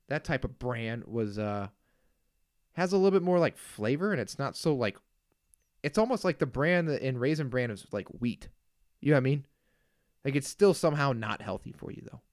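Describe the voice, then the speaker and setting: A man's voice: medium pitch, darkish tone, no echo, clean studio sound. A young man hosting his own podcast, ranting casually and with exasperated humor, full of asides and jokes. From Kansas. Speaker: podcast host. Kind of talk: casual solo podcast rant.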